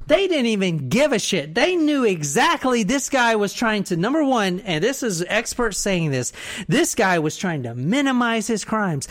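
A woman casually talking through a true-crime story on a podcast, animated and profane, mocking the killer in put-on voices. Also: mid-range voice, normal speed. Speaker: podcast co-host.

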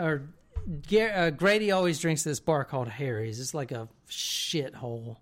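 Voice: medium pitch, moderate pace, fairly bright tone. Rambling, profane casual storyteller. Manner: rambling, profane, keeps checking in with "right?". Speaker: podcast co-host telling a story.

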